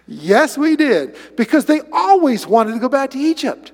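A male pastor preaching a sermon in an animated way, with sarcastic asides. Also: extremely high pitch, unhurried. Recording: long hall reverb.

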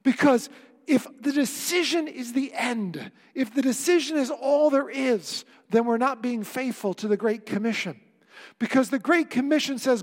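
A man's voice: extremely high pitch, normal speed. A male pastor preaching a sermon, earnest and emphatic, with wry asides to the congregation. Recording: long reverb of a church hall.

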